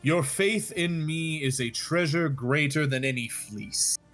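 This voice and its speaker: A man's voice: on the high side, a little slow, fairly bright tone, soft background music. Man voicing a mighty humble hero, grand rousing speech, raised voice. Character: heroic strong male demigod, humble and inspiring.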